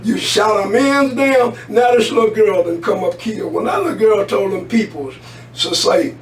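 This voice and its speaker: A man's voice: high-pitched, moderate pace. A man co-hosting a talk radio show, delivering heated, preachy commentary and swearing freely. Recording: roomy, distant mic with faint hum.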